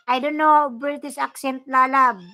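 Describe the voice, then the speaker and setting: A woman from the Philippines with a Filipino accent, hosting a casual livestream, mixing English and Tagalog as she reads viewer comments and gives shout-outs. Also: sits high. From Bicol, Philippines. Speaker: livestream host.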